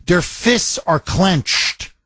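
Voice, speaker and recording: A man's voice: sits high, very slow, bright, forceful tone, no echo. A man hosting a political talk radio show, delivering an impassioned, emphatic monologue full of repetition.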